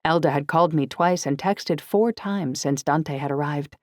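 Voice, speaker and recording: Female audiobook narrator, low and dry, steady first-person read. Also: normal speed, dry recording.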